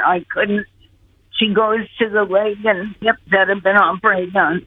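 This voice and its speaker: Older woman, slow, over a phone line. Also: medium pitch, steady tone, husky, dry recording. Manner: earnest, acts out her own pleas. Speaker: guest recounting near-death experience. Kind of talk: slow storytelling.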